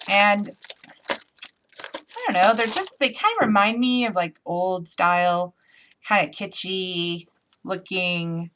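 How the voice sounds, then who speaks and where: Talking to viewers while she works, a woman walks through a craft project in a casual live tutorial. She has a mid-range voice, and background noise can be heard.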